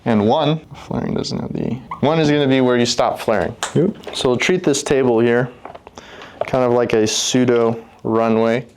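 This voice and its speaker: A man's voice: medium pitch, normal speed, darkish tone, slight background noise. A man teaching a ground school class as a flight instructor, explaining step by step and often checking whether the class follows.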